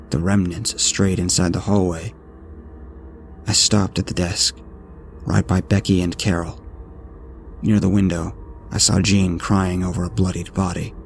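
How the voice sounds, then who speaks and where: Low flat guy reading a spooky werewolf-style story, gravelly voice, faint music under it. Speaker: horror story narrator. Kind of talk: scripted narration.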